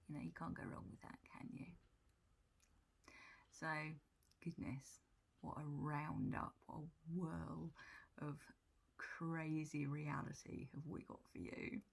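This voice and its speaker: A woman telling stories about her cats in a soft, breathy whisper, in a whispered role-play style. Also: deep voice. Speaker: cat vlogger.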